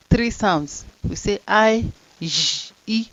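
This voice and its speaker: Slow Nigerian woman teacher. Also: fairly low pitch, no room sound, dull audio. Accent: Nigerian Pidgin. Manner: slow, drawn-out sounding of letters and words. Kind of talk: phonics lesson in Pidgin.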